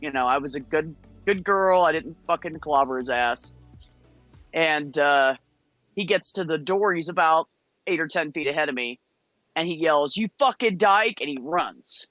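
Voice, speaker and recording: A brash, foul-mouthed American woman appears as a guest on a chat show, telling a story in a blunt, profane and animated way. Her deep voice moves at normal speed in a dry recording with soft background music.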